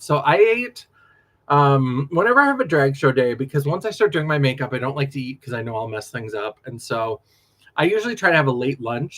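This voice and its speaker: A chatty man at a middle pitch, talking on a relaxed late-night livestream. He tells rambling stories, laughs often and jumps between topics in an animated way. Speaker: drag performer hosting a livestream.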